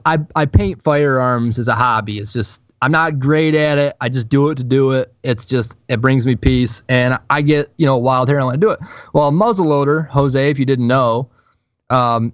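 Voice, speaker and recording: A man co-hosting a podcast, telling a profane, animated story in casual chat. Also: mid-range voice, no room sound, lo-fi sound. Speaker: podcast co-host.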